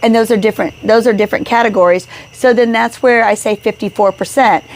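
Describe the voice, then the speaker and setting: A woman's voice: a little high, quick pace. A woman co-hosting a casual podcast chat at home. She tells stories with energy and acts out what each person said. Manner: animated storyteller acting out quoted dialogue. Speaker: podcast co-host.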